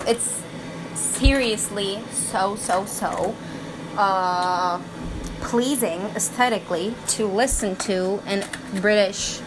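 A woman talks casually to her camera at an unhurried pace, pausing often to find the right word and fix it. She speaks from her kitchen, with dishes and cutlery plainly clattering behind her voice. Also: on the high side, noisy background. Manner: hesitant, often searching for words and correcting herself. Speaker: vlogger.

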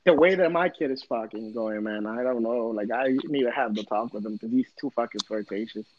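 A man in his thirties telling a story in casual chat, swearing a lot and talking with animated energy. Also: mid-range voice, brisk, no echo, lo-fi sound. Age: 30s.

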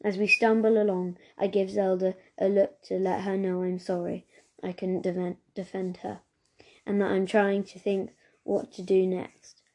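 A woman reads a novel aloud at a steady, unhurried storytelling pace. Her voice is warm and mellow, with little rise and fall. The narration stays even from line to line. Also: medium pitch. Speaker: reader.

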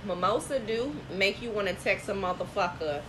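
A woman with a bright, forceful voice co-hosts a loose, profane chat, telling stories with lots of energy. Her delivery is blunt and animated. A faint hiss sits under the recording. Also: medium pitch, normal speed, poor audio. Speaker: podcast co-host. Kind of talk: casual chat.

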